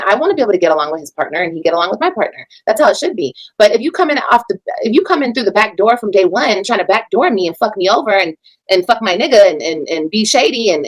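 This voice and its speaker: A mother on a livestream, ranting about her critics in a heated, profane way and lecturing her viewers. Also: poor audio. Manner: heated, profane, preachy, swings between loud and low. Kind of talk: casual livestream rant.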